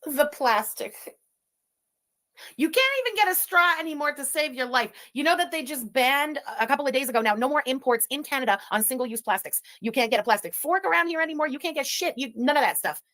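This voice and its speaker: High, indignant woman commentator. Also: lively intonation, a little fast, fairly bright tone. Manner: indignant, exasperated. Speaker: commentator in a reacted video. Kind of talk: complaining commentary.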